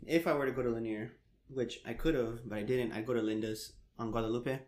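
A young man in casual chat, an animated storyteller who laughs often and swears casually. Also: medium pitch, fast talker. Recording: echoey room.

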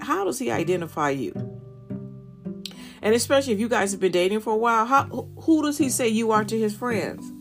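A middle-aged woman hosting a podcast, telling a personal dating story in a candid, animated way and talking straight to her listeners. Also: mid-range voice. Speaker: podcast host.

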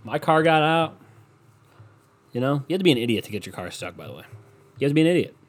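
A man's voice: medium pitch, sing-song, fast talker. A young man hosting a casual solo podcast, ranting with lots of swearing, mocking people and laughing at his own jokes. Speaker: podcast host.

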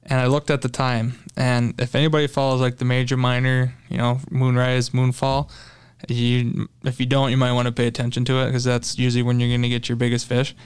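A young man tells a fishing story in casual talk, his voice smooth and clear. He gets animated as he retells it and is full of fillers and restarts. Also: medium pitch, brisk. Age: young adult. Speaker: podcast guest, tournament angler.

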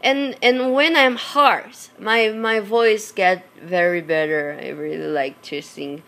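A hoarse woman with a Brazilian Portuguese accent, a native Portuguese speaker, chatting casually to her viewers and searching for words in English. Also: medium pitch, steady tone, takes it slowly, a bit bright. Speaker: vlogger.

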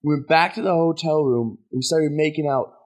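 A man's voice: on the high side, fairly quick, darkish tone. A young man hosting a podcast, telling a story in casual chat and laughing at himself as he goes. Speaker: podcast host.

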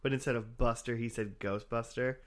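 A man's voice: medium pitch, steady tone, a little fast. A man co-hosting a casual podcast, joking and swearing between laughs. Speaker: podcast co-host. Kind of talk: casual chat.

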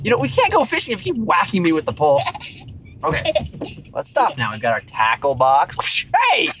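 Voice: medium pitch, brisk, a little hiss or hum, low-quality recording. A person playfully talking one side of a conversation with an imagined companion, patient and teasing in manner. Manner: animated, patient and teasing, like coaxing a child. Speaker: storyteller in a one-sided skit. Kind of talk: playful one-sided dialogue with an unseen zombie friend.

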